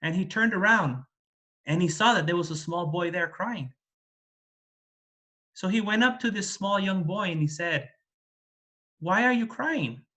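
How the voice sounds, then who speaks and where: A man's voice: sits high, moderate pace, pauses often, pushed and bright. A man, a Buddhist monk, telling a teaching story in a dharma talk, in simple, repetitive words with frequent tag questions.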